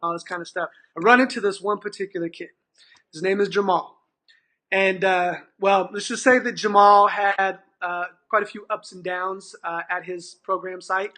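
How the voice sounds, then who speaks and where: Speaking at a normal speed in a voice that sits high, this middle-aged Californian man, who manages an after-school program, shares a story as a guest. He performs the dialogue with animation and restarts often.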